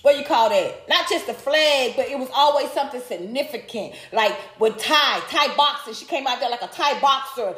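A woman's voice: high-pitched, normal speed, few pauses, a bit bright. A woman, hosting a live stream and talking straight to her viewers in a heated, profane rant. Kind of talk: casual live-stream commentary. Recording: echoey room.

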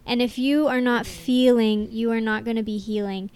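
A woman's voice: on the high side, fairly even intonation, a little mellow, clear, resonant tone, no room sound. A young woman with a Midwestern American accent, co-hosting a casual family podcast and talking earnestly and reflectively. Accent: Midwestern American, Iowa. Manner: earnest, reflective, quick asides. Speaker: podcast co-host, granddaughter.

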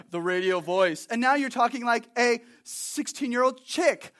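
A young man preaching a sermon in a conversational, animated way, acting out little asides. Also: very high-pitched, normal speed, few pauses. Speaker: pastor.

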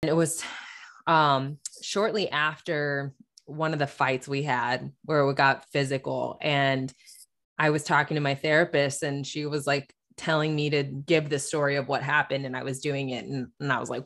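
A woman's voice: a bass voice, little pitch movement, normal speed, a bit bright. A woman co-hosting a podcast in casual, candid chat, laughing often and swearing freely. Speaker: podcast co-host.

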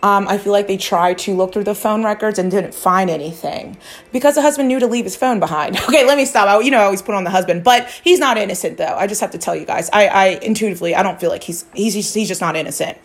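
A woman's voice: mid-range voice, fast. A woman talking casually to her viewers as a psychic true-crime vlogger, rambling and confiding, with casual swearing and frequent restarts. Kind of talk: casual chat to camera.

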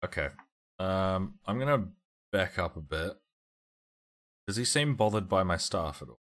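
A man with a very low voice, playing in a tabletop game session. He lays out his character's moves step by step and checks the rules as he speaks. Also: animated, measured pace, a bit bright. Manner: methodical, talks through his moves and rules. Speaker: player. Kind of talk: casual tabletop play.

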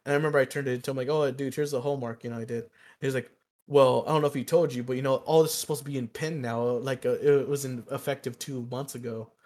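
A young man with a fast, mid-range voice co-hosts a podcast, spinning a long story in casual chat. He's animated and profane, swearing and laughing throughout.

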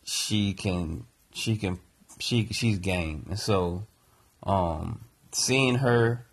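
A father co-hosting a podcast earnestly and reflectively recounts a personal family story. He speaks in a deep voice, extremely slowly.

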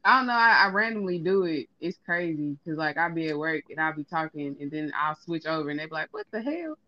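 A man's voice: on the high side, fairly even intonation, brisk, no echo, lo-fi sound. A young man, a student, chatting as a podcast guest in a playful, laughing way. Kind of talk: casual podcast banter.

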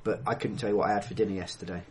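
A man's voice: on the low side, little pitch movement, racing, a crowd in the background. A man hosting a casual podcast chat, laughing often and poking fun at himself. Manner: laughs often, self-mocking. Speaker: podcast host.

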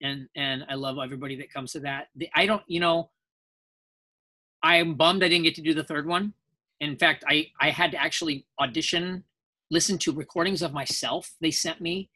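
Bright-voiced man telling rambling stories. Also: a little high, steady tone, moderate pace. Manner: rambling anecdotes, acting out quoted voices. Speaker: guest voice actor. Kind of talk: casual interview storytelling.

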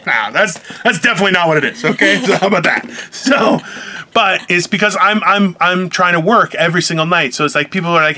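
A man's voice: sits high, lively intonation, brisk, sharp tone. A male comedian in casual chat, talking bluntly and profanely with mock-stern declarations.

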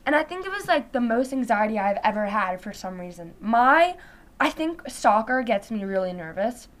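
A woman's voice: fairly high pitch, fairly bright tone. A teenage girl chatting casually in a vlog, rambling and peppering her talk with "like". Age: teens. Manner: rambling, full of "like" fillers. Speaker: vlogger.

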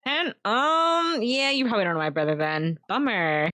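A woman's voice: on the high side, moderate pace, bright, forceful tone, no room sound. A woman playing a character in a tabletop game, blunt and playful. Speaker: player.

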